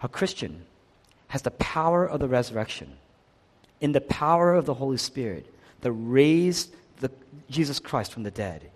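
A man preaching a sermon, swinging between hushed low passages and impassioned, louder cries. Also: big pitch swings, normal speed, long reverb tail. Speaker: pastor.

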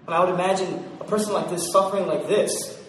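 Preacher man in a booming echoey hall. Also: fairly even intonation, fast. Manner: dramatic, swinging between loud emphasis and hushed quiet. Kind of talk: sermon. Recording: very echoey, distant mic, faint noise.

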